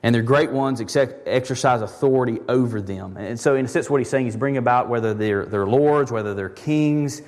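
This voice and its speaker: A man's voice: medium pitch, brisk, hardly any pauses, a little mellow. Guy pastor preaching, chatty but emphatic, lots of reverb like a big church. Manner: conversational preaching with emphatic repetitions. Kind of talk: sermon.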